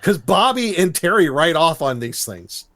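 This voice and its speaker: A man co-hosting a podcast, recapping a cartoon episode in a lively, storytelling way and laughing as he goes. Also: a little high, normal speed. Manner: animated storytelling, briefly imitates characters with laughs. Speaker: podcast co-host.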